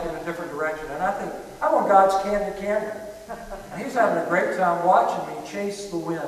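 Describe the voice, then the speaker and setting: A man preaching a sermon, telling stories and often repeating words as he builds up. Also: on the high side. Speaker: pastor. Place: church sanctuary. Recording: echoey hall from far off, faint hiss.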